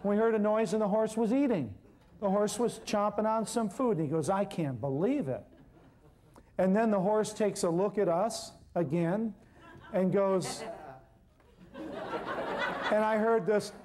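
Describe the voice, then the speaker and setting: A man telling an animated story to an audience, acting out the people in it as he goes. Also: high voice, measured pace, pauses often. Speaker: herbal healer telling a story on stage. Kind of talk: storytelling lecture.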